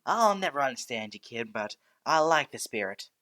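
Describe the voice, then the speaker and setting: A man voicing a loud, cheerful male hero in a fan story reading, talking in a boisterous, buddy-like way. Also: medium pitch, sing-song, moderate pace.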